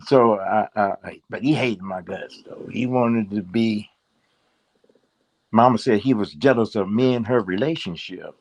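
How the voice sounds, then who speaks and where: A man's voice: on the low side, measured pace, dry recording. An older man, a guest in a casual interview, rambling and repeating words with plenty of fillers.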